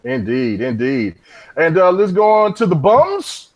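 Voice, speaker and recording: A man hosting a casual gaming podcast with a lively, swooping delivery and a slightly higher voice. His talk is laid-back and slangy, full of "you know what I'm saying". The sound is dry and close. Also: unhurried, no room sound. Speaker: podcast host.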